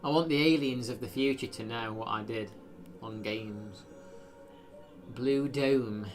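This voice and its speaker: A man's voice: mid-range voice, unhurried, soft background music. A man chatting casually while live streaming a video game, rambling with lots of fillers. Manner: rambling, self-deprecating, frequent fillers.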